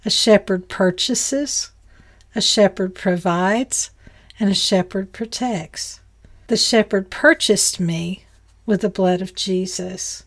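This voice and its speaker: A woman giving a devotional Bible teaching in an earnest way, with folksy asides now and then. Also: mid-range voice.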